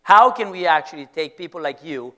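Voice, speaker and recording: A man's voice: on the high side, expressive, fairly quick, fairly bright tone. A middle-aged man with a Venezuelan Spanish accent, a business school professor giving a playful, teasing lecture to students in an auditorium.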